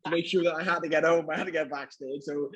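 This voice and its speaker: Man, welsh accent, podcast guest, husky voice, loose rambling chat. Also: a little high, rapid-fire, dull audio. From Wales. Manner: relaxed, rambling, many fillers. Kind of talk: casual chat.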